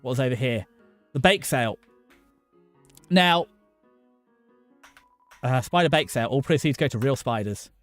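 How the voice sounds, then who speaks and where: A man's voice: mid-range voice, lively intonation, fairly bright tone, dry recording, faint music behind. Middle-aged man, game streamer, chatty, stop-start delivery. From southern England. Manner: chatty, talks to chat by name, halting restarts. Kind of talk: casual live-stream chat over gameplay.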